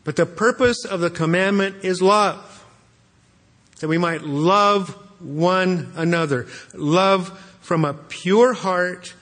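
Pastor, male, slow earnest preaching, slightly high voice, long church reverb. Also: a bit bright. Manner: earnest, repeats words when restarting. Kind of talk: expository sermon.

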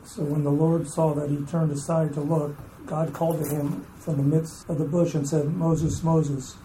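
A man's voice: fairly high pitch, level tone, moderate pace, mellow, slight background noise, low-quality recording. A man in a Bible study class reading scripture aloud carefully, stumbling over hard names.

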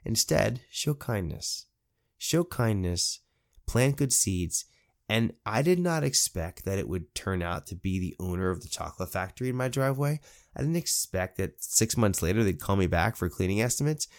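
Man, cleaning business owner, casual storyteller, slightly low voice, animated delivery acting out dialogue. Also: brisk. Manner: animated, quotes people in lively voices; encouraging, preachy at the end.

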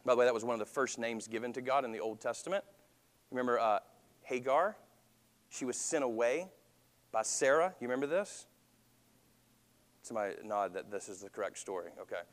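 A man's voice: mid-range voice, animated, brisk, pauses often, long reverb tail. A man preaching a sermon as pastor, talking conversationally and asking the congregation questions.

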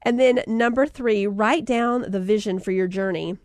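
A woman giving a faith-based motivational talk, telling a family story in a lively, conversational way and calling her listeners guys. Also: medium pitch, moderate pace, no room sound, studio quality. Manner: animated storyteller, acts out voices in anecdotes. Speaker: motivational speaker.

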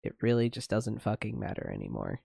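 A man's voice: lowish voice, huge pitch swings, brisk, gravelly, a crowd in the background. A man co-hosting a casual podcast, talking in a loose, rambling way full of fillers. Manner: rambling, filler-heavy talk with laughs. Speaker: podcast co-host.

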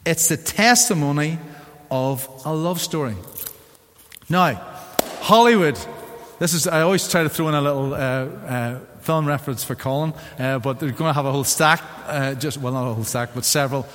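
A man with a Northern Irish accent preaching a sermon as pastor, in an animated, theatrical way. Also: a little high, brisk. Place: church sanctuary. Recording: long church hall reverb.

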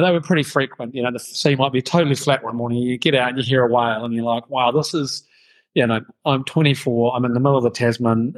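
A man's voice: medium pitch, poor audio. Laid-back New man telling stories. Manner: laughs often, swears casually, relaxed storyteller. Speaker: podcast guest, founder. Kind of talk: casual storytelling interview.

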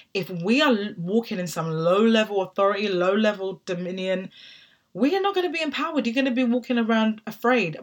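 A woman in her thirties giving an emphatic motivational talk, asking rhetorical questions and checking in with "right?". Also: mid-range voice. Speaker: motivational podcast host.

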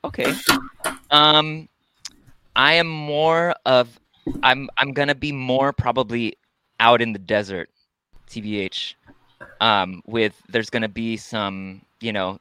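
A man's voice: mid-range voice, steady tone, takes it slowly, pauses often, pushed and bright, smooth, no room sound. A man, a musician guest, chatting casually and playfully with lots of ums and restarts. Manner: laid-back, hesitant with many ums, playful. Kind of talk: casual podcast conversation.

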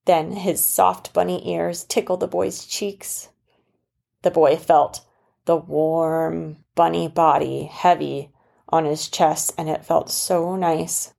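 A mother narrating a children's story, explaining things gently and patiently. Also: deep voice, creaky.

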